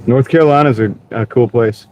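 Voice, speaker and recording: A man's voice: medium pitch, fairly quick, a little mellow, highs cut off. A man live-streaming from his car as a delivery driver, chatting casually with viewers and playfully repeating words. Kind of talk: casual live-stream chat while driving. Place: inside a car. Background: faint car noise.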